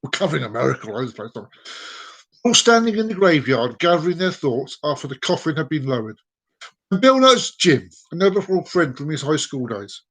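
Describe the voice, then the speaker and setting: A man's voice: on the high side, very animated, brisk, fairly bright tone. A man hosting a live stream, telling jokes with chatty asides and laughing along. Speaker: host. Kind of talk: joke telling.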